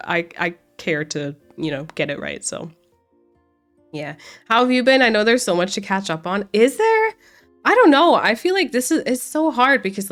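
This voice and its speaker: A woman's voice: medium pitch, fairly bright tone. A woman streamer chatting casually with her viewers, sounding congested and nasal from a cold and rambling with frequent restarts. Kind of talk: casual livestream chat with viewers. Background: faint background music.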